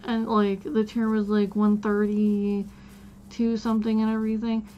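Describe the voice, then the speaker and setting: A woman's voice: mid-range voice, completely flat delivery, unhurried, muffled recording, slight background noise. A woman streamer chatting casually while playing a game, telling a rambling story full of "like" and restarts.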